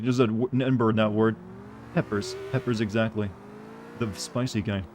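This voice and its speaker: A man's voice: on the low side, fairly even intonation, moderate pace, a little mellow, slight background noise. A man streaming a game, chatting casually and answering viewers' questions in a rambling, joking way. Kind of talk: casual gameplay commentary.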